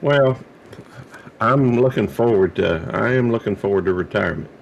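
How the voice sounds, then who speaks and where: Middle-aged man, low gravelly voice, hesitant casual chat, faint noise. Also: moderate pace, lo-fi sound. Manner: hesitant, many fillers and restarts. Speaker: livestream co-host.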